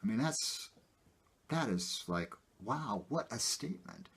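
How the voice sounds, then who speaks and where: A man talking casually to his viewers about his own life, rambling with many fillers and getting animated. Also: mid-range voice, slow pace, slight background noise. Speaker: video host. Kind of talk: casual personal talk to camera.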